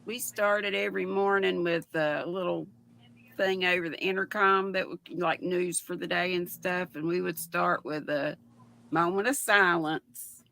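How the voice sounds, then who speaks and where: An older woman talks plainly and bluntly over a video call. Her voice is gravelly with a bright, tense edge, and her stories come out in a straightforward, no-nonsense way. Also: on the low side, steady tone, measured pace. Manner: plain-spoken, blunt, tells personal stories. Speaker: guest on a live stream, retired school worker. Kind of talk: casual storytelling chat.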